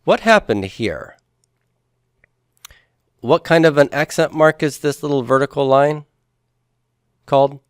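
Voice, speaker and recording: A man's voice: fairly high pitch, expressive, measured pace, long pauses, no room sound, studio quality. A man teaching a Hebrew grammar class who explains each step patiently and puts questions to his students. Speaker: Hebrew instructor.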